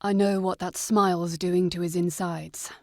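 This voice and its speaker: A woman narrator voicing a steady, protective grown man, speaking low and firm. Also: unhurried, no room sound, clean studio sound.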